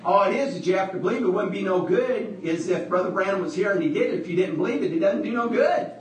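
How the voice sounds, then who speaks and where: A man's voice: high-pitched, animated, quick pace. A male preacher delivering a sermon in a church, repeating his phrases while the congregation answers him. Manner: repetitive, with call-and-response from the congregation. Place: church hall, livestreamed service. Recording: echoey church from far off.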